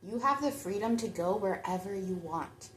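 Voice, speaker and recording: A woman's voice: mid-range voice, expressive, moderate pace, reverberant, a little hiss or hum. A woman giving a chatty pick-a-card tarot reading, talking straight to her viewers. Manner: chatty, reflective, addresses viewers directly. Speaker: tarot reader.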